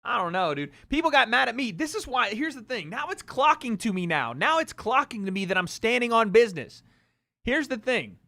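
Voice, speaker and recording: A man's voice: very high voice, big pitch swings, fairly quick, pushed and bright, no room sound, clean studio sound. A man hosting a livestream from home, joking and trading playful trolling banter with his chat. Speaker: livestream host.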